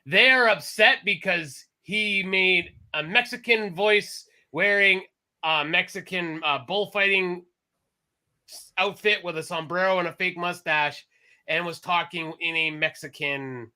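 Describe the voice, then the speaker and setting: Speaking at a measured pace in a high voice, a male podcast co-host chats casually on a talk show. He's animated, wanders from point to point, and keeps correcting himself.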